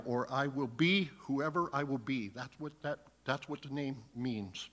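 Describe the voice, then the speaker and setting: A man's voice: medium pitch, measured pace, fairly bright tone. A man preaching a sermon, reading scripture aloud and then earnestly explaining it. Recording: long hall reverb.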